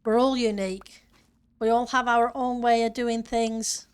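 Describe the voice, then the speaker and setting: A woman's voice: on the high side, flat delivery, a little slow, smooth. A woman streamer chatting casually with her viewers and answering chat while she plays a building game. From northern part of her country.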